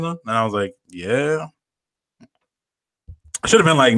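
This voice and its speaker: A man's voice: fairly low pitch, animated, moderate pace, bright, forceful tone, no echo. A young man on a podcast, casually telling a story with lots of slang and swearing. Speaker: podcast co-host. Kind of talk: casual chat.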